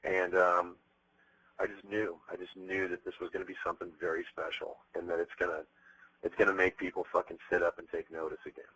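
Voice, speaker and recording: Deep, bright-toned man swearing freely. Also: a little fast, husky, low-quality recording. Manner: blunt, profane, animated storytelling. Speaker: interviewed musician. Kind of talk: candid interview talk.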